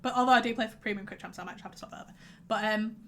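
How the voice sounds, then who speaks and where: A woman's voice: fairly high pitch, rapid-fire, a bit bright, slight background noise. A young woman streaming a game, chatting in a rambling way with many fillers and reading out chat messages. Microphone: headset.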